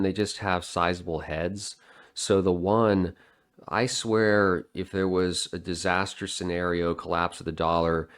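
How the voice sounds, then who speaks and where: Man, very deep voice, sardonic vlog monologue, digressive. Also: clear, resonant tone. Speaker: vlogger. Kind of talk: casual rambling monologue.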